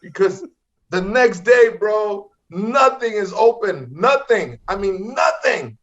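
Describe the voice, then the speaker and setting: A middle-aged man from Los Angeles, a comedian telling wild stories in an energetic way, always saying "bro" and "man.". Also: high voice, takes it slowly. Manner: energetic, repeats "bro" and "man", acts out voices. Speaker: comedian guest. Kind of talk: animated storytelling. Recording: slightly dull lo-fi audio.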